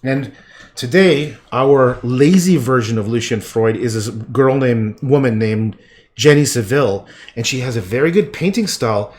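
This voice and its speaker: A man's voice: medium pitch, a little slow. Rambling, profane man painting on livestream. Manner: profane, rambling, trails off quietly. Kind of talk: casual rambling chat while painting.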